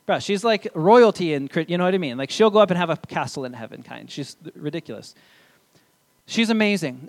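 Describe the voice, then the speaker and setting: A young adult man preaching a sermon in church, in a casual, conversational way with asides. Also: high-pitched. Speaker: pastor.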